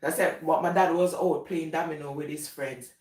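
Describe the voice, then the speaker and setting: A woman's voice: sits low, steady tone, normal speed, a little mellow. A woman with a Jamaican accent telling casual, rambling stories and laughing often. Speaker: vlogger. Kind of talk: casual storytelling. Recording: echoey room, voice from a distance.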